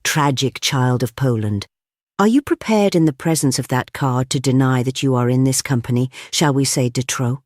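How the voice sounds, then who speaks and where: A man reading an audiobook, voicing a huge, genial but commanding male anarchist chief who talks briskly with grand amusement. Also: medium pitch, no room sound, clean studio sound, lightly acted. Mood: mocking.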